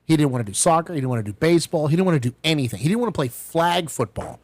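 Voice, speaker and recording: A middle-aged man, a podcast co-host, telling a family story in casual chat and acting out the quotes with lively ups and downs. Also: a little high, rapid-fire, dry recording. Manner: animated storyteller, acts out quotes.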